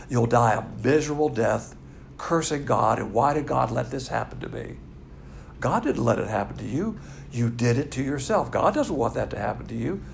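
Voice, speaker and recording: A man leads a Bible class in a blunt, folksy manner, dropping wry asides between his points. His slightly high voice is gravelly and swings widely in pitch as he drives each point home. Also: slight background noise.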